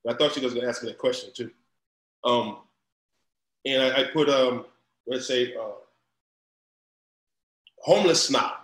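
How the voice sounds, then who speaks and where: Animated man in an echoey room. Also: mid-range voice, a little slow, pauses often. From Louisiana. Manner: animated, repeats himself, rising into loud storytelling. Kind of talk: casual conversation. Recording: roomy echo.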